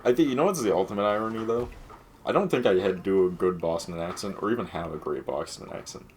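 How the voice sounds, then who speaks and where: A man's voice: deep voice, quick pace, darkish tone, slight background noise. A man co-hosting a let's play, chatting casually, joking and laughing often. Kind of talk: casual gaming commentary.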